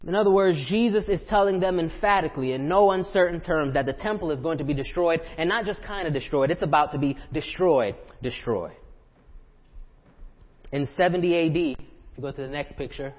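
A man's voice: a little high, quick pace, big-room sound, highs cut off. A man preaching a sermon as pastor, talking conversationally and asking the congregation rhetorical questions. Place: church sanctuary.

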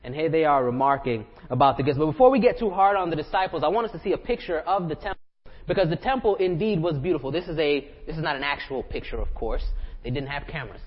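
Male pastor, high voice, conversational sermon full of rhetorical questions, long church reverb. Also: muffled recording. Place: church sanctuary.

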